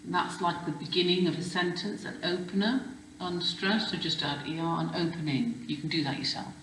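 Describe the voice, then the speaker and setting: A woman's voice: lowish voice, fairly even intonation, moderate pace, fairly bright tone, reverberant, a little hiss or hum, poor audio. A woman teaching a children's spelling lesson, explaining patiently step by step and checking with questions. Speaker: primary school teacher.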